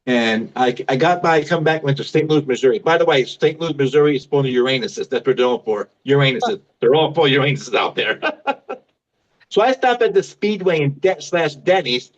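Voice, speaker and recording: A man's voice: a little high, lively intonation, normal speed, lo-fi sound. A man in his fifties doing a stand-up comedy set, mocking himself and laughing at his own jokes. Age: 50s.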